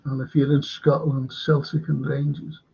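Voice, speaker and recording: A man's voice: mid-range voice, level tone, moderate pace, gravelly, darkish tone, slightly rough, lo-fi sound. A man hosting a live fan stream, chatting casually in a rambling way and reading viewer comments aloud. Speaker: fan channel host.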